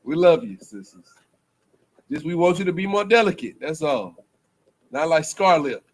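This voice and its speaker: Speaking at a normal speed in a slightly high, very animated voice, a man preaches to a group in a rambling, colloquial way, leaning on slang and repeating himself.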